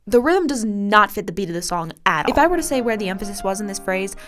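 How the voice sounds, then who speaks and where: A woman's voice: mid-range voice, lively intonation, fast, few pauses. A woman delivering a scripted, sarcastic and exasperated review rant. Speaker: video reviewer. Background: background music.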